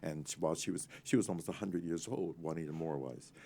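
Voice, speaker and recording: A man in his eighties, an actor and author telling lively, rambling Hollywood stories in an interview and acting out the people in them. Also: very deep voice. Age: 80s. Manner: animated, rambling, laughing, quick to act out others. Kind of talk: anecdotal interview storytelling.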